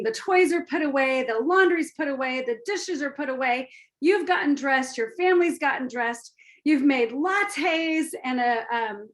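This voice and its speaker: Upbeat high-voiced woman leading an online training. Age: middle-aged. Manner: upbeat, chatty, addresses audience directly. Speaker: business team trainer. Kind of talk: live online training talk. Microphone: video call.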